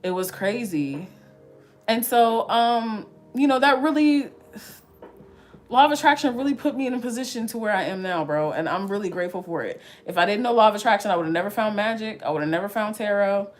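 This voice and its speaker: A woman's voice: mid-range voice, fairly quick. A young woman in her twenties telling a story to her viewers in casual, slangy chat, laughing often. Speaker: vlogger.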